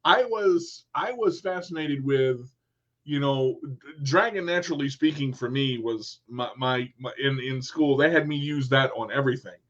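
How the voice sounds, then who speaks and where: A man's voice: mid-range voice, moderate pace. A man hosting a radio interview show, chatting casually and acting out quotes as he tells stories. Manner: animated storyteller, acts out quotes. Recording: muffled lo-fi sound.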